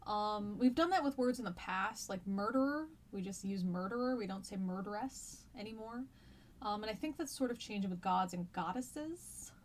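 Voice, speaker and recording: A woman's voice: medium pitch, expressive, moderate pace, a little hiss or hum. Chatty American woman teaching live. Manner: chatty and rambling, with frequent ums and laughs. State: stuffy nose and cough. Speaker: history teacher. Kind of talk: casual live-streamed lesson.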